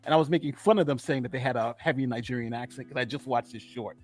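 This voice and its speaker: A man's voice: mid-range voice, fast. A man hosting a casual live-stream commentary, chatty and repetitive, gloating as he talks. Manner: animated, repeats himself, gloating and chatty. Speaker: host of a legal commentary channel.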